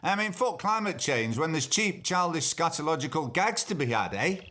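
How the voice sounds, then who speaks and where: A man's voice: fairly high pitch, big pitch swings, moderate pace, sharp tone, slight background noise. A man hosting his podcast in casual solo chat. He sounds sardonic and sweary, with plenty of ums. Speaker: podcast host.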